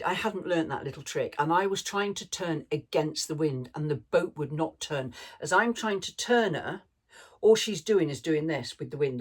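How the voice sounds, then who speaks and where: Husky-voiced woman, chatty. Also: sits low. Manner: chatty, rambling, laughs often. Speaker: vlogger. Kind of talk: casual storytelling chat.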